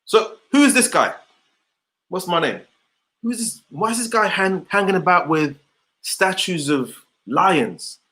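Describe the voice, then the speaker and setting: A man's voice: high voice, lively intonation, unhurried, pushed and bright. A man giving an online motivational session over a video call, repeating rhetorical questions to his audience. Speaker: motivational speaker.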